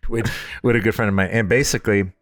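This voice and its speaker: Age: middle-aged. Sex: man. Pitch: low. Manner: animated storyteller. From upstate New York. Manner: animated storyteller, acts out quoted voices with big pitch jumps. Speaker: distillery founder, interview guest. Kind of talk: storytelling in a casual interview. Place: at his distillery.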